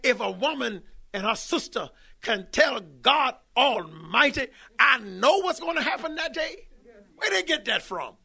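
A man preaching an emphatic sermon that rises now and then to shouts. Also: very high-pitched, very animated, measured pace, creaky, breathy edge.

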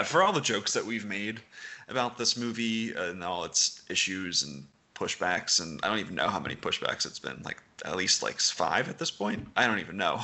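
A man co-hosting a film podcast in casual chat, laughing often between points. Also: fairly low pitch. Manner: laughs often, animated asides. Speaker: podcast co-host.

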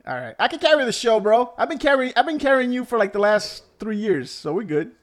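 A man's voice: extremely high pitch, very animated, fairly quick. A man co-hosting a podcast, riffing and teasing his partner in casual chat. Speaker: podcast co-host.

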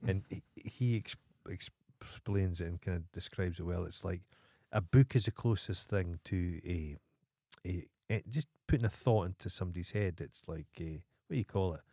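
A man's voice: low-pitched, moderate pace, dark tone, dry recording, clean studio sound. A Scottish man co-hosting a podcast in casual chat, ranting emphatically and swearing freely. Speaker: podcast co-host.

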